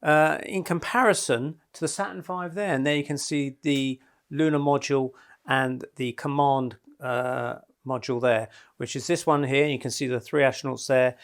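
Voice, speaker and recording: A middle-aged man presenting a rambling, chatty talk to a small group in a house. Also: medium pitch. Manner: rambling, chatty, with many fillers.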